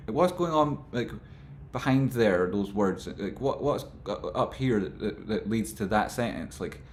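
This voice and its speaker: A man rambling through casual stock market commentary, with animated, exasperated rants. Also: on the low side, unhurried, echoey room, slight background noise.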